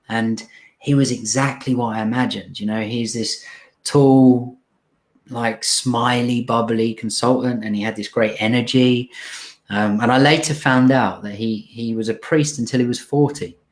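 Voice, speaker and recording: In a medium-pitched, steady voice, the young man recalls a personal experience for his interviewer, his feeling clear as he breaks off and begins again.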